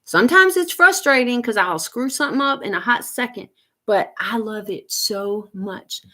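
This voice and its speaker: A woman, hosting a casual livestream, chatting and reading viewer comments with frequent laughs and animated teasing. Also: moderate pace. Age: 50s. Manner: chatty and animated, laughs often, big swings up in pitch when teasing viewers. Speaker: homesteading livestream host.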